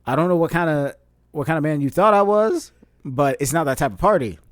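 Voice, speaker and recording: A young man with a slightly high voice tells a story on a podcast, laughing often and acting out the people in it. The sound is dry and close, with no room behind him. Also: a little fast, dry recording. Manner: animated, laughs often, acts out quotes. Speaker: podcast co-host. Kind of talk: casual storytelling chat.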